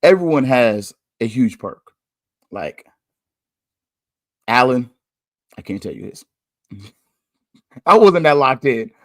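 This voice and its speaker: Man, podcast host, casual talk, candid and chatty, lively pitch, dry mic. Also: slow pace, long pauses, no room sound. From United States. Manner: candid, chatty, laughs and sighs often. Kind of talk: casual commentary monologue.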